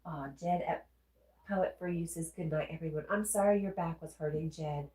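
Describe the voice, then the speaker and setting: With a warm, low voice and fairly even intonation, a woman speaks at a moderate pace in a reverberant room. She hosts a casual livestream in a Southern accent, nose stuffed up, reading comments from viewers aloud and answering them.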